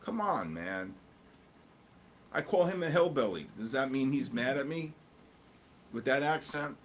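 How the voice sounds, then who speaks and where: Man at a medium pitch, casual live commentary, rambling and jokey, talks to chat while watching charts, faint background hum. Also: expressive, measured pace. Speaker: livestream host.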